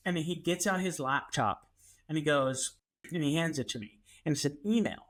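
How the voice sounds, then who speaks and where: Bright-voiced man telling a story. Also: on the high side, fairly quick. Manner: animated, acts out quotes, many restarts. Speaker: podcast co-host. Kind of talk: casual storytelling.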